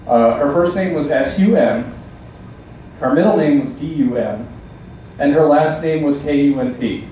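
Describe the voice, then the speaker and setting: A young man doing a halting, deadpan stand-up set at a bar open mic night. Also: a little high, slight background noise. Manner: halting, deadpan delivery with many ums. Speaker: stand-up comedian. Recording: echoey bar sound from a distance.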